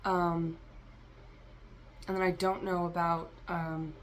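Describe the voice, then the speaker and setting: A woman's voice: lowish voice, flat delivery, slow pace, a little hiss or hum. A woman giving a rambling, free-associating tarot reading for a vlog, talking straight to her listeners. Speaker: tarot reader.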